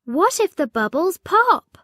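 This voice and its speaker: A woman voicing a nervous, worried child in a children's storybook reading, sounding high and anxious. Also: very animated, slow, a bit bright, no echo, clean studio sound, exaggerated voice.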